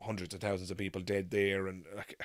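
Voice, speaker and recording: A man's voice: deep voice, level tone, a little fast, no room sound, clean studio sound. An Irish man hosting a live Q&A stream, chatting with viewers in rambling, exasperated rants with swearing. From Ireland. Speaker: livestream host.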